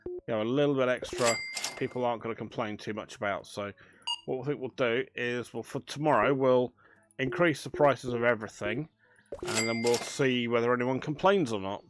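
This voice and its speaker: A man's voice: mid-range voice, normal speed, noisy background. A man chatting casually as he plays a management game, thinking aloud with dry banter. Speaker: gaming channel host. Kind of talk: casual let's play commentary.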